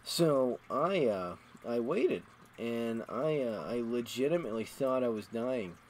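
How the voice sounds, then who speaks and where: A man's voice: mid-range voice, expressive, unhurried, a little mellow, a little hiss or hum, rough recording. A man streaming a game, rambling through crude, self-mocking stories in a casual storytelling way. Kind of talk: casual storytelling while gaming.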